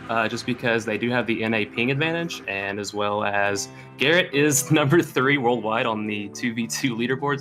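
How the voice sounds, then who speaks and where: A man offers friendly, laid-back color commentary on a video game match. His voice is bright and forward, with faint music underneath. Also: medium pitch. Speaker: esports co-caster.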